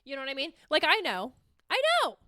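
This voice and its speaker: High, bright-voiced rambling woman podcaster. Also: fast, dry recording, clean studio sound. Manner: rambling, swearing, animated and self-mocking. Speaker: podcast host. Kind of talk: casual solo chat.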